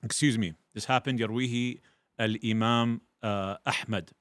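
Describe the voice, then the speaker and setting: A male teacher talks to his students in an online class. He tells the story with plenty of energy and jumps into loud, high voices for the characters. The sound is close and dry, with no room around it. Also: brisk, no echo. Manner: animated, acts out quoted voices loudly. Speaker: Islamic teacher.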